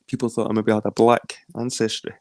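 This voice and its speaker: A man's voice: on the low side, level tone, a little fast, a little mellow, dry recording, studio quality. A man with a Scottish accent in a rambling, casual late-night chat, swearing freely. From London. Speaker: chat guest.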